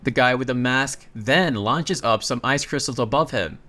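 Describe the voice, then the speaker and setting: A man at an ordinary middle pitch retells a comic story in casual recap narration. He talks in a chatty way and drops in excitable asides as he moves through the plot. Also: moderate pace.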